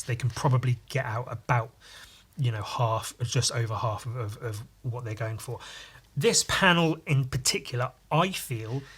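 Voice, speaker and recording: A comic artist talks through his pages in a loose, rambling way, full of enthusiasm and casual swearing. His voice is bright and forward, at an average pitch for a man. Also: husky. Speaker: comic artist and podcast host. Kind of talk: casual chat about his own artwork.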